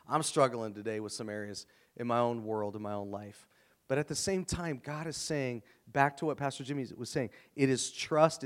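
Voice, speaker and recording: A middle-aged man delivers a sermon in a medium-pitched voice, telling personal stories and acting out dialogue with lively energy. He shifts between punchy punchlines and quieter, earnest moments as he speaks to a congregation. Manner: storytelling, animated, acts out dialogue. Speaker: guest preacher.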